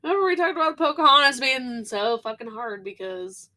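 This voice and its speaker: A young woman co-hosting a casual podcast. Her voice is bright and high, and her pitch swings widely. She talks in an animated, giggly way and swears freely. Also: fairly quick. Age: young adult. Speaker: podcast co-host. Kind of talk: casual chat.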